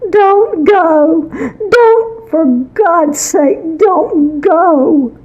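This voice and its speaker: A woman's voice: very high-pitched, very slow, muffled recording, pitched above the performer's own voice, heavily acted. A woman voicing a frantic older mother who screams a warning to her daughter in a story reading. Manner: panicked shouting.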